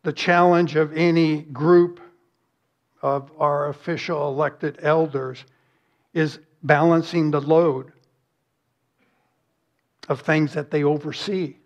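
A man's voice: on the high side, steady tone, slow, pauses often, muffled recording. A man preaching a sermon as pastor, earnest and emphatic, with rhetorical questions and lists.

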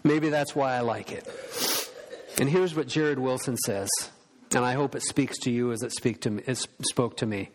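A man's voice: medium pitch, fairly even intonation, moderate pace. A male pastor preaching a sermon, earnest and storytelling, acting out the voices of people he quotes. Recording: long hall reverb.

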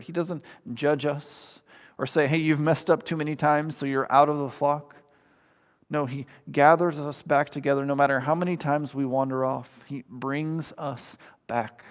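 A man's voice: fairly high pitch, big-room sound. A man preaching a sermon, earnest and conversational, with ums and asides to the congregation. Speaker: pastor.

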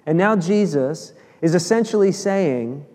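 A man preaching with a somewhat high voice, animated and expressive, acting out the lines of the people in his story. His voice carries a long reverb from the church hall he speaks in. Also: measured pace. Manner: animated, acts out quoted dialogue. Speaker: pastor. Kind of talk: sermon.

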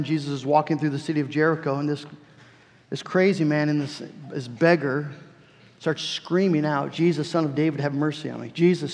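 Male pastor, earnest sermon delivery, repeats himself, gravelly tone, church echo. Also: a little high. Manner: earnest preaching with repeated phrases. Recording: long church reverb.

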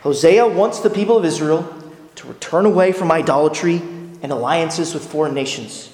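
A man with a high voice delivers an earnest, emphatic sermon, pressing his listeners with pointed rhetorical questions. The recording is roomy and carries a long hall reverb from a church space. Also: moderate pace, darkish tone. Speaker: pastor.

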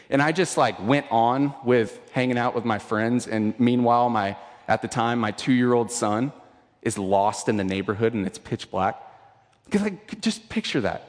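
A man in his thirties preaching a sermon as pastor, conversational, repeating words, moving between intense emphasis and hushed asides. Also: medium pitch, moderate pace, big-room sound.

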